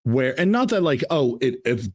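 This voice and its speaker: American guy rambling about movies on a podcast, mid pitch, dry mic. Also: sing-song, moderate pace, a little mellow, dry recording. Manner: rambling, full of fillers and restarts. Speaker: podcast co-host. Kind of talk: casual chat.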